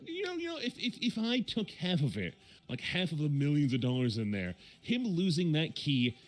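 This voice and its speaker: Rambling Midwestern man with lively pitch. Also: normal speed, faint music behind. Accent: Midwestern American. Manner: rambling, many fillers and self-corrections. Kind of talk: casual chat.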